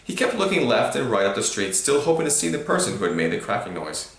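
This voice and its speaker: A man reading a storybook aloud to a child, with animated emphasis. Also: mid-range voice, fast talker. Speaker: reader to a child. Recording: roomy echo.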